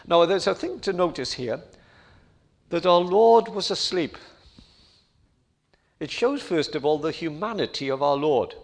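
A man's voice: fairly high pitch, animated, measured pace, long pauses. A middle-aged man preaching a sermon, earnest and rising to fervent appeals.

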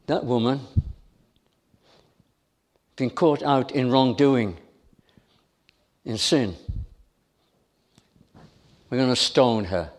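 A man's voice: medium pitch, drawn-out words, pauses often. A middle-aged man preaching a sermon, full of emphatic, repeated rhetorical questions.

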